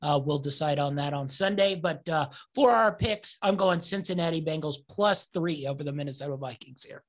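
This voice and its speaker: A man's voice: fairly high pitch, normal speed, few pauses. A man co-hosting a casual sports betting chat, loose and upbeat, with lots of filler words. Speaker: podcast co-host.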